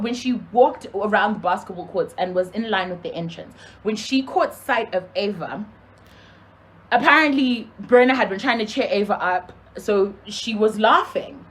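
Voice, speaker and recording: A young woman from Zimbabwe telling a casual storytime to her camera, animated, acting out the people in her story. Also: mid-range voice. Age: young adult.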